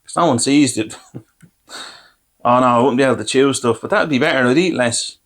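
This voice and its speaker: A man's voice: mid-range voice, fairly quick, a bit bright. An Irish man hosting a podcast, telling rambling, self-deprecating comic anecdotes and acting out what people said to him. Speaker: podcast host. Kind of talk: comic storytelling.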